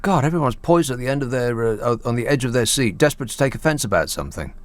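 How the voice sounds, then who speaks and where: A man hosting a talk radio show, bantering in a sarcastic, deadpan way. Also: mid-range voice, quick pace, no echo. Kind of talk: solo talk radio chat.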